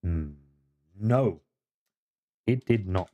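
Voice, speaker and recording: A man's voice: on the low side, expressive, very slow, warm tone. A man live-streaming a video game, chatting casually with viewers, swearing often and teasing in mock-grumpy banter. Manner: greets and chats with viewers while playing.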